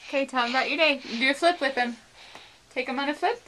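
A woman's voice: high voice, fast talker, sharp tone, a little hiss or hum, low-quality recording. A mother chatting casually with her family and cheering the kids on.

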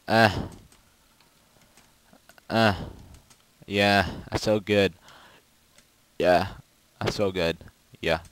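A man giving casual, rambling gameplay commentary with goofy, excitable outbursts. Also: sits low, clear, resonant tone, no echo, rough recording. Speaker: gaming video creator.

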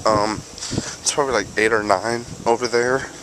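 This vlogger has a lowish voice with fairly even intonation and talks at normal speed. He rambles casually and corrects himself while walking a windy road near home with a handheld camera. Faint wind and the sound of passing cars come through.

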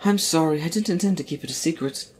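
A woman's voice: sits low, quick pace, darkish tone, a little hiss or hum, close to an everyday voice. A woman voicing an earnest young princess who speaks formally and pleads politely.

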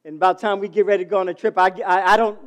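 A middle-aged man preaching a sermon as pastor, calling out to the congregation and swinging from loud to soft. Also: sits high, level tone, racing. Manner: calls to the congregation.

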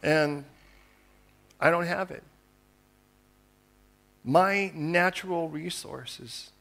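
Man preaching, higher-pitched voice, casual sermon, acts out the characters, quiet asides then loud fervent pleas. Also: slow pace, pauses often. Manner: conversational, acts out dialogue of biblical figures. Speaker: pastor.

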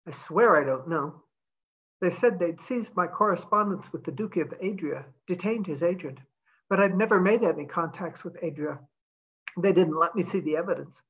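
A woman's voice: lowish voice, normal speed, lo-fi sound, natural voice. A woman reading as a stubborn soldier man. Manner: calm, stubborn.

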